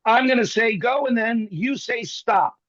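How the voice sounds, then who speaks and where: High-voiced man riffing comically on a video call. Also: fairly bright tone, dry recording, dull audio. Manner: rapid comic riffing with bits of mimicry. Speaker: guest magician.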